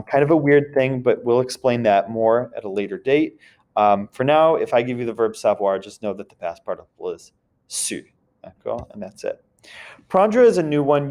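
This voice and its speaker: A man at mid pitch teaches a French grammar lesson. He walks through the points one at a time and keeps checking that the students follow along. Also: darkish tone. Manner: explains step by step with a repeated check-in question. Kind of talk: recorded classroom grammar lesson.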